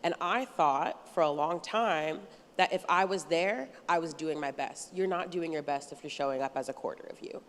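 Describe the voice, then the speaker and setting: A woman with a lowish voice speaks candidly on a panel, easygoing and given to laughter. Her words carry a long hall reverb. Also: normal speed, few pauses. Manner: candid, reflective, laughs easily. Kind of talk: reflective panel remarks.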